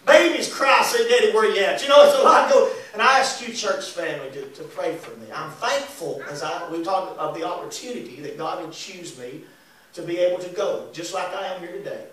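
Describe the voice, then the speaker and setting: A man, preaching and singing as an evangelist, folksy and animated with laughing asides. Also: sits high, fairly quick. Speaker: evangelist and singer. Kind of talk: lively sermon with congregation call and response. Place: church sanctuary. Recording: echoey church recorded from a distance.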